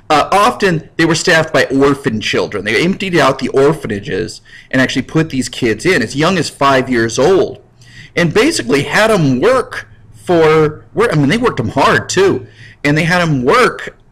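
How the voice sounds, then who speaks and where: Animated joking male history teacher. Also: a little high, poor audio. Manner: jokey, acts out scenes in voices. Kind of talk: recorded classroom lecture.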